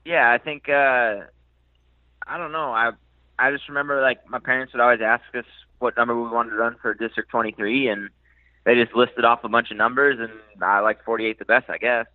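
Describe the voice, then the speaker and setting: A man's voice: medium pitch, fairly quick, no room sound. Hesitant man on a tinny line. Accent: faint Minnesota. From Minnesota. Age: 30s. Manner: relaxed, hesitant, many fillers and restarts. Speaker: motocross racer. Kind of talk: casual interview. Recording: dry, tinny phone-like line.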